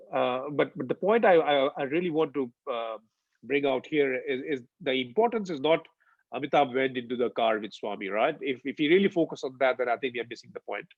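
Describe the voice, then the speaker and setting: Man in his forties, storytelling at a devotional gathering, middling pitch, dull lo-fi sound, dry. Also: no echo. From India. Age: 40s. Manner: animated retelling, frequent uh and um fillers. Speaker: devotional speaker. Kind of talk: personal storytelling testimony.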